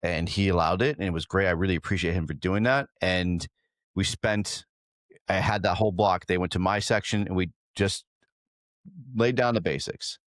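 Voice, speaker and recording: Low-voiced man hosting a podcast, dry sound. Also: normal speed, no echo. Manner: warm, appreciative, rambling with restarts. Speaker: podcast host. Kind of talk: casual podcast conversation.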